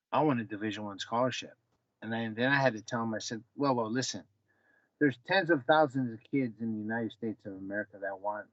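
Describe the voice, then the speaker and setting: A man's voice: mid-range voice, no echo. Man telling a story in a dull recording. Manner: animated, acts out dialogue with his son. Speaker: former fighter and wrestling coach, guest. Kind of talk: casual podcast storytelling.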